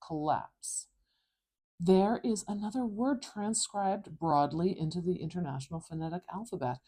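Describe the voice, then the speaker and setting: A woman teaching pronunciation, explaining each sound clearly, precisely and with emphasis. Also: fairly low pitch, normal speed, warm tone. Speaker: phonetics teacher. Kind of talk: tutorial lesson.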